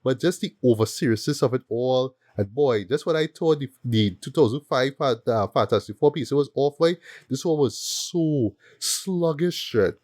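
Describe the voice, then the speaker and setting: Podcast host, male, mid pitch, animated, keeps checking in with "right?", dry sound. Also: moderate pace, few pauses, no room sound. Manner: animated, repeats words and asks "right?" often. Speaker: film review podcast host. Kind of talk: casual film review chat.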